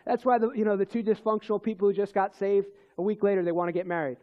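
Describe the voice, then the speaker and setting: A man's voice: sits high, fairly even intonation, fast talker, lo-fi sound. A man, a Christian minister, telling a personal faith testimony in conversation, rambling with restarts and chuckles.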